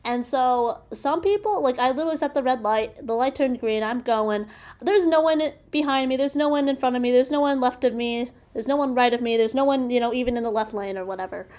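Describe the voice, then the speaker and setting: A woman's voice: on the high side, fairly quick. Chatty woman telling a story. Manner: animated storytelling, many "like"s and restarts. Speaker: podcast co-host. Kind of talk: casual chat.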